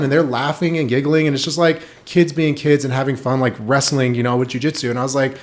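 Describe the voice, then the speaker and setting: A man talking as a podcast guest in casual chat, telling lively stories and saying "like" a lot. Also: medium pitch, quick pace, few pauses. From United States. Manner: animated storytelling, heavy use of "like".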